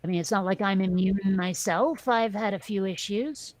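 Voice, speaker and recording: A woman's voice: mid-range voice, moderate pace, a little mellow. A woman hosting a casual group chat, talkative and self-deprecating, trailing off with fillers. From New York area. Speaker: host.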